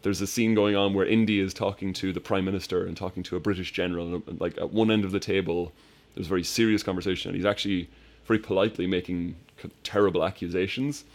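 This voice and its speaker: A man chatting casually on a podcast, retelling movie scenes with animated, laughing energy. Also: sits low, fast, few pauses. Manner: animated storyteller, acts out film scenes with laughter. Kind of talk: casual chat.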